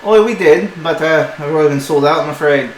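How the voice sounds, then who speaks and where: A man voicing a rude, bossy female dwarf shopkeeper with a shrill, higher-pitched voice who curses at her customers. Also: quick pace, close to an everyday voice. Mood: brusque. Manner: curses and snaps at people. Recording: echoey room with some noise.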